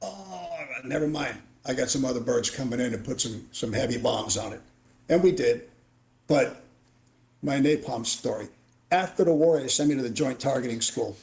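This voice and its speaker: Animated retired Marine telling war stories. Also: male voice, medium pitch, normal speed. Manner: animated war storyteller, acts out dialogue. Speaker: podcast guest, retired Marine warrant officer. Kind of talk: storytelling interview.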